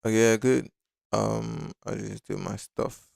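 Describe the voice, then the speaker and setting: A man's voice: on the low side, fairly even intonation, takes it slowly, creaky, a little mellow, dry recording, clean studio sound. A man hosting a casual live-stream design tutorial, talking loosely and thinking aloud with many fillers. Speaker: design instructor.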